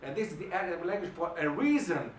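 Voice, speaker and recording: A man giving an emphatic, animated lecture and firing questions at the audience, recorded in a hall. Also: a little high, fast talker, slight background noise. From Germany. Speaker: guest lecturer. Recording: echoey hall, mic at a distance.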